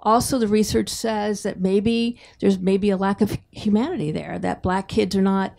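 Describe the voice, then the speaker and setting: Gravelly, mellow woman asking a question. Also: mid-range voice, steady tone. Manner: slow, searching delivery with self-corrections. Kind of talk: asking a question at a book talk.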